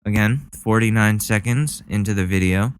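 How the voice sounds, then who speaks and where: A man's voice: on the low side, normal speed, clean tone. Sarcastic rambling podcast host man. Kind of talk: casual comedic commentary.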